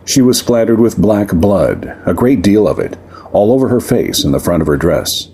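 A man with a very deep, husky voice reads a story aloud. His delivery is measured but lively, with wide swings of pitch. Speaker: narrator. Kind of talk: scripted story narration.

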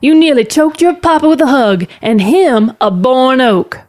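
A woman's voice: mid-range voice, expressive, normal speed, darkish tone, pitched above the performer's own voice, lightly acted. A woman voicing a blunt, matter-of-fact witch aunt who tells plain truths. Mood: yelling encouragement.

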